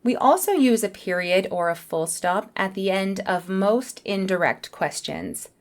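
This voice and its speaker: A woman teaching a beginner English lesson, speaking in a clear, careful way. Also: medium pitch, animated, a little slow.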